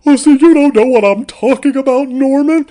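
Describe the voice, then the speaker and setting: Man putting on a shrill theatrical woman, overwrought, scolding, high and loud. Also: normal speed. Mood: scornful. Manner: overwrought Broadway-style delivery.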